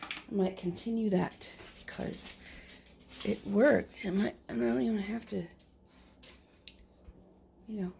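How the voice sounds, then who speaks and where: A woman's voice: mid-range voice, fairly even intonation, slow, vocal fry, long pauses, darkish tone, a little hiss or hum. A woman talking casually in a rambling, easygoing morning vlog at home by a window. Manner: rambling, easygoing, drifts into whispers. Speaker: vlogger.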